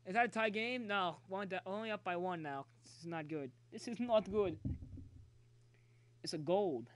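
A man's voice: high-pitched, moderate pace. A young man streaming a baseball video game, commenting live, cheering his players and chatting to his viewers. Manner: excitable, talks to chat, cheers players on. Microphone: phone.

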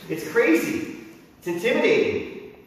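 A middle-aged man preaching a sermon as pastor, animated and bursting into shouts when he acts out crowds and drill sergeants. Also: high voice, measured pace, slight background noise. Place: church sanctuary. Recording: echoey hall, mic from a distance.

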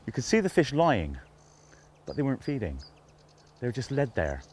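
A man's voice: medium pitch, huge pitch swings, normal speed, a little mellow, a little hiss or hum. A man presenting a fishing show outdoors on a riverbank, talking with admiring enthusiasm, half to himself. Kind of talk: casual outdoor presenting to camera.

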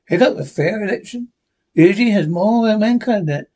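A man's voice: high voice, lively intonation, brisk, darkish tone, pitched above the performer's own voice. A man reading a firm frontier lawman. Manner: firm, commanding. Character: steady frontier lawman hero.

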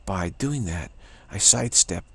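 A man's voice: deep voice, lively intonation, measured pace, bright, forceful tone, breathy edge. A man telling a spiritual story in a rambling way, repeating himself and restarting often, with a sore throat. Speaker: spiritual teacher. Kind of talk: casual spoken reflection.

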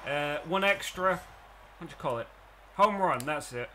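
A young man commenting live on the baseball game he is playing, excitable and often breaking into shouts. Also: on the high side, moderate pace, a crowd in the background. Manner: excitable, swings into shouting at plays. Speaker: let's play gamer.

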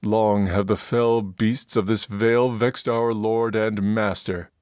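A man voicing a gruff, bullying male dwarf priest in an audiobook, scornful and pompous. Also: fairly low pitch, flat delivery, slow pace, a little mellow, no echo, studio quality, voice pushed up.

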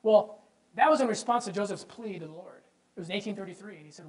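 A man giving an impassioned lecture on religious history. He speaks emphatically, asks the audience rhetorical questions and repeats words when he gets excited. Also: sits high, fast talker, poor audio. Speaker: presenter.

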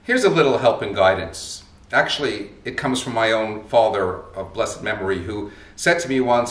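A man's voice: lowish voice, lively intonation, normal speed, few pauses, fairly bright tone. A man, a rabbi, giving a short sermon in an emphatic, rhetorical style. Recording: roomy, mic at a distance.

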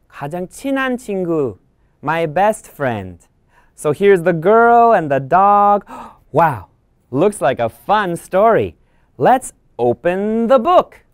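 Animated woman teacher reading a storybook. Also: on the low side, measured pace, clean tone, no room sound, clean studio sound. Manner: animated, gasping, bilingual explaining. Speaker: English teacher. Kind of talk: reading a picture book aloud for children.

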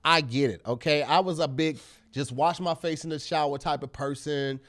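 A man co-hosting a comedy podcast, talking casually and reading an ad, animated and often laughing. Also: normal speed. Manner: animated, acts out quotes in high voices, laughs often. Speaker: podcast co-host. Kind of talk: casual comedic chat and host-read ad.

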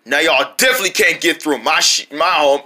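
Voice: medium pitch, brisk, bright, forceful tone, voice pushed down. A performer voicing a grumpy, boastful guy who lives under the ground, taunting intruders in a fan cartoon. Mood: smug.

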